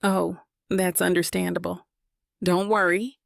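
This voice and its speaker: A woman's voice: mid-range voice, normal speed, no room sound, clean studio sound, lightly acted. A woman voicing a courteous, eager-to-please young man on a date in an audiobook. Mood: polite. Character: polite smooth-talking young man on a date.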